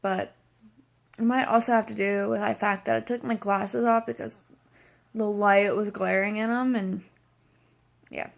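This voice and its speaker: A young woman vlogging from home, talking to camera in a tired, halting way with lots of fillers and yawns. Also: medium pitch, fairly even intonation, gravelly. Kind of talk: casual vlog talk to camera.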